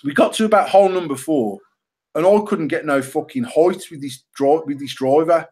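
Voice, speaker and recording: A British podcast co-host tells stories in a casual chat, swearing heavily and poking fun at himself with animated energy. His husky voice is a little high and moves at a moderate pace.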